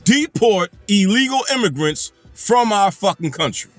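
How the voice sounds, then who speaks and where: A commentary channel host rants angrily and emphatically, swearing heavily and repeating phrases to hammer his points home. His high-pitched voice is animated yet unhurried, with no echo and faint music behind it.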